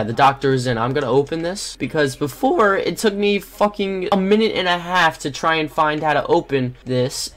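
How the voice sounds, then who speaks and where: A young adult gaming host giving casual gameplay commentary into a desktop microphone, sarcastic and quick to swear and grumble at the game. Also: mid-range voice. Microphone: desktop USB microphone.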